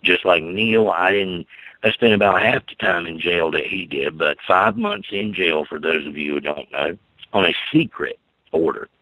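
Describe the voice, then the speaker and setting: A man speaking as a guest on a talk show, giving urgent, forceful warnings and telling his story with energy. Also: low-pitched, big pitch swings, moderate pace, no echo, low-quality recording. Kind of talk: impassioned talk radio guest.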